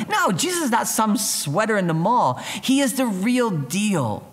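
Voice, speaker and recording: A man preaching a youth sermon as pastor, talking in a lively, conversational way and acting out the voices of people in the story. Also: very high-pitched, moderate pace, hardly any pauses.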